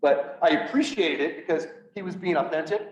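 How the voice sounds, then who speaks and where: A man giving an earnest personal talk to an audience, halting at times and restarting his sentences. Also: fairly high pitch, slight background noise. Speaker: public speaker on PTSD. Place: event room, speaking to an audience. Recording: echoey room, voice from far off, dull sound.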